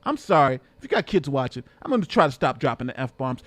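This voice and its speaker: A man giving excitable reaction commentary, repeating himself and now and then bursting into shouts. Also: mid-range voice, fast talker, dry recording.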